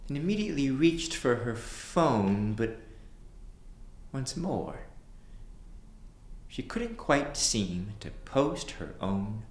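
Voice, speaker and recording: A man's voice: medium pitch, takes it slowly, pauses often. A man who tells a story and leads his listeners in call-and-response, speaking expressively and playfully. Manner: expressive, playful, sometimes sings his lines. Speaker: storyteller and teacher. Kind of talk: storytelling with audience participation. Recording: roomy echo, faint ambience.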